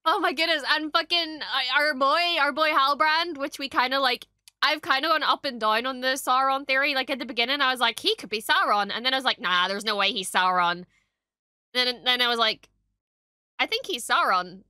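Bright, excitable young woman reacting. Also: high-pitched, normal speed, smooth, no room sound, studio quality. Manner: excitable, swears a lot, gushing. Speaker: reaction streamer. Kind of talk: casual reaction chat.

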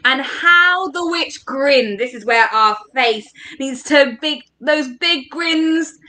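A woman's voice: high voice, expressive, slow, bright, forceful tone. A woman with an English accent leading an interactive storybook reading for children, coaxing them to join in. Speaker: education workshop leader. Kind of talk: interactive read-aloud for children. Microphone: home recording for online workshop.

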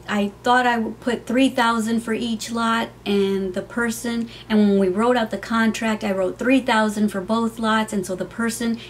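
A middle-aged woman in a casual home vlog, chatting through a family story. Her voice sits at an everyday middle pitch. Her telling is heartfelt and loose, full of ums and restarts, with a faint hum of room noise behind her. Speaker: vlogger. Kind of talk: personal storytime.

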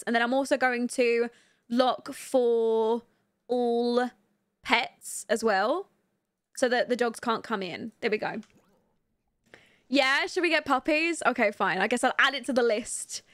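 A woman's voice: fairly high pitch, a little slow, no room sound, clean studio sound. A young woman giving chatty, giggly commentary on her life-sim game and talking to her viewers. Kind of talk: casual gameplay commentary.

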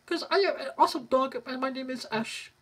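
A man's voice: extremely high pitch, brisk, breathy edge. A man voicing a cute, eager little male puppy dog who repeats himself in a simple sing-song.

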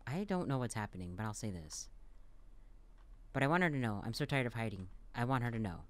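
A man playing a dialogue-heavy game, reading the lines aloud and reacting between them with quick, playful asides. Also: mid-range voice, lively intonation. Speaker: let's play gamer.

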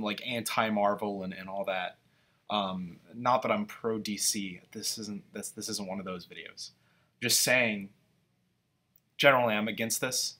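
A man's voice: fairly low pitch, sharp tone. A man giving casual, rambling, opinionated commentary while reacting to a movie trailer.

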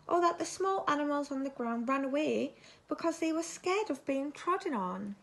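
High-voiced woman reading a children's story. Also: normal speed, gravelly, a little hiss or hum. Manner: expressive, asks the listening children questions.

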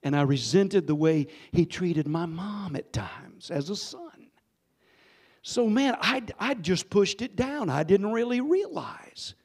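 Older pastor guy preaching, voice on the higher side, goes quiet then loud, gets the church to answer back. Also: slow, breathy edge. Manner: animated storytelling preacher, swinging between hushed and loud; calls on the congregation to respond. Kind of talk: sermon. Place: church sanctuary.

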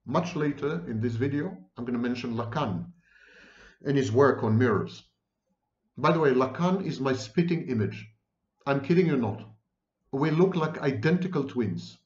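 Male professor lecture, lively dramatic delivery, roomy dull recording. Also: medium pitch, moderate pace. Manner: dramatic, wry asides. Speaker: psychology professor. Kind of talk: video lecture with a read-aloud excerpt.

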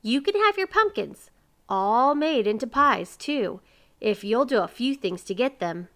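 A woman's voice: on the high side, expressive, measured pace, a bit bright, voice pushed up. A woman voicing kindly, bossy neighbor women who talk in a coaxing, cheerful way.

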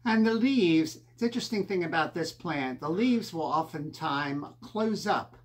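A woman co-hosting a gardening video, explaining plant care in a steady, casual way. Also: sits low. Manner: explanatory, steady and a bit slow. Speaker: co-host of a gardening channel.

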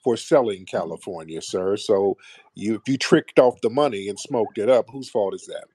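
A man's voice: on the low side, moderate pace, mellow, husky, no room sound. A man hosting a call-in show, sarcastic and combative, trading insults with callers and calling them sir.

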